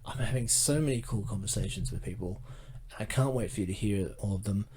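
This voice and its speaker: A man's voice: fairly low pitch, a little fast, warm tone, a little hiss or hum. A man with an Australian accent hosting a casual podcast interview, chatty and upbeat, with plenty of fillers and restarts. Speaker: podcast host.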